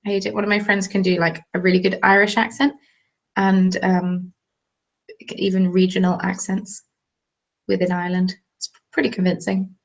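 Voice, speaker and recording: A woman's voice: on the low side, completely flat delivery, normal speed, vocal fry. A young Englishwoman hosting a casual live knitting stream, chatting in a rambling way and reading out viewer comments. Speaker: host. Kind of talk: casual livestream chat while knitting.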